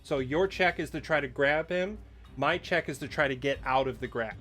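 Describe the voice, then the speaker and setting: A playful game master with a voice that sits a touch high for a man. He explains the rules patiently, laughs often, and hams up the monsters. Soft music plays faintly underneath. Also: moderate pace.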